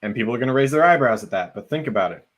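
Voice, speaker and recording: A man's voice: medium pitch, lively intonation, very fast. A man co-hosting a podcast, earnestly laying out a fan theory at length in casual conversation. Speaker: podcast co-host.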